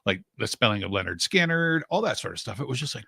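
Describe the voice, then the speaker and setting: A man co-hosting a talk radio show, chatting casually and acting out his own reactions. His bright voice swings widely in pitch, and it is recorded dry and close. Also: quick pace, gravelly, husky, no echo. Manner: animated, acts out his own reactions with big pitch jumps.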